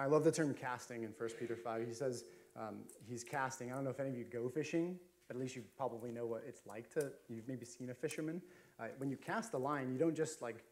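A man's voice: medium pitch, darkish tone. A man preaching a sermon as a pastor, chatty and storytelling, with frequent fillers and restarts. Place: church sanctuary.

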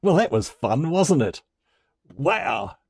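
A man explaining a language lesson to camera in a relaxed, conversational way, chuckling now and then. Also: on the high side, slow, slightly rough, no echo, studio quality. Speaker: language teacher.

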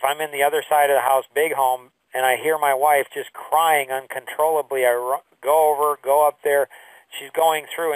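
A man's voice: fairly high pitch, fairly bright tone, no room sound, recorded from a distance, rough recording. A man in his fifties, a grandfather, teaching a course by telling a painful personal story in an earnest, emotional way with many fillers.

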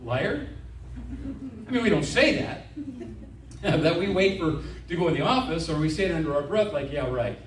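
A middle-aged man preaching a sermon as a visiting evangelist, animated, with stammered restarts and frequent amens. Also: high voice, moderate pace, pauses often, recorded from a distance, a little hiss or hum. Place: church sanctuary. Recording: echoey church, voice from afar.

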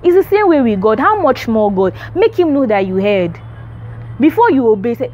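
A woman's voice: a little high, big pitch swings, normal speed, darkish tone, slight background noise. A young adult woman gives an emphatic, repetitive faith teaching to camera, urging her listeners on. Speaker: Christian vlogger.

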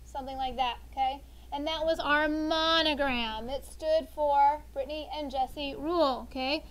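A woman's voice: high-pitched, fairly even intonation, normal speed, low-quality recording. A woman teaching a sixth grade vocabulary lesson, chatty, explaining words with everyday examples and checking in with "okay?".

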